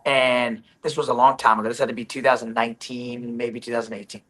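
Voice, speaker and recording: A man telling a volleyball story in casual chat, often repeating and restarting his words, his voice recovering from hoarseness. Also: mid-range voice, level tone, fast talker, a bit bright, low-quality recording. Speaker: volleyball guest.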